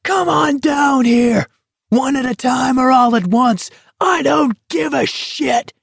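A man voicing a desperate, furious young male walker in an audiobook, yelling hoarse and defiant. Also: very high-pitched, very animated, unhurried, no echo, clean studio sound, voice pushed up, heavily acted. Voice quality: raspy strained yelling.

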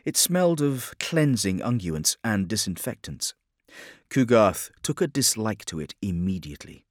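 A man reading a grim dark fantasy story in a steady, measured narration. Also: fairly low pitch, dry recording, clean studio sound. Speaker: audiobook narrator. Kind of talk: scripted narration.

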